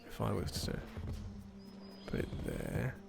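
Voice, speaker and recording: A man's voice: lowish voice, wildly swooping pitch, takes it slowly, vocal fry, over music. A man doing casual gameplay commentary on a puzzle game, muttering to himself as he works things out, with self-deprecating asides and sudden frustrated outbursts.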